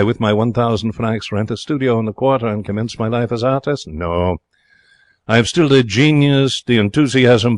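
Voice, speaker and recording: An actor playing an excitable young Frenchman in a radio drama, speaking broken English in a French accent with theatrical, emotional delivery. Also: on the low side, no room sound, natural voice. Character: young excitable romantic Frenchman, former hotel cashier. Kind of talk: 1940s radio drama narration.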